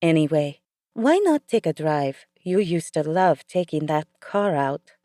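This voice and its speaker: A woman voicing a kind, bustling female caretaker with an Eastern European accent, coaxing and brisk. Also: low-pitched, big pitch swings, mellow, no room sound, studio quality. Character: kindly female caretaker with a foreign lilt.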